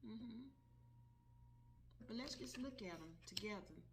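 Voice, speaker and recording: With a voice on the high side, a tarot vlogger speaks slowly and animatedly, pausing often, as she casually reviews a card deck she bought. She repeats her points with emphasis and calls her viewers "guys," and there's background noise.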